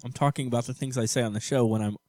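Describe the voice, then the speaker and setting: Talking very fast in a steady, darkish medium-pitched voice, a thirtysomething man trades goofy teasing and playful arguments with his wife on their casual podcast. The studio mic recording is dry, with no echo.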